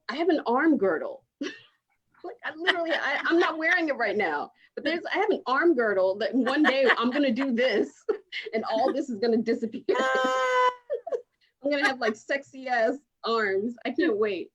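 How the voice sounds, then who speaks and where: A woman's voice: high-pitched, breathy edge. A woman doing a stand-up set over a video call, rambling and laughing through her own jokes. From outside the United States. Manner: rambling, self-mocking, laughs through lines. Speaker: stand-up comic. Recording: dull lo-fi video call audio.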